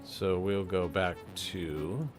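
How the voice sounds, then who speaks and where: A man's voice: low-pitched, steady tone, slow pace, music in the background. A man streaming a building game, muttering half-sentences to himself and chatting casually with his viewers. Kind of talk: casual live-stream commentary while playing.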